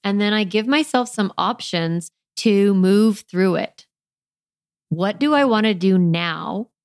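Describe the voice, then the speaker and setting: A woman in her thirties hosting a casual solo parenting podcast, talking through her own thoughts in a gentle, chatty way full of "like" and questions to herself. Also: mid-range voice, takes it slowly, dry recording, clean studio sound. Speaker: podcast host and parenting coach.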